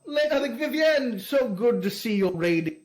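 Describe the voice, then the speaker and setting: A man voicing a pompous, flattering middle-aged lord with an airy, gushing manner. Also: extremely high pitch, normal speed, voice pushed up. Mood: fawning.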